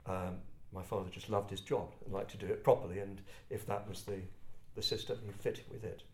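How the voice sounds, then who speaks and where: An older English man from Kent telling personal stories to a group in a reflective, halting, self-deprecating way. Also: on the low side, steady tone, darkish tone. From England, Kent. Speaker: speaker addressing a group. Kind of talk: personal storytelling talk. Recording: roomy echo.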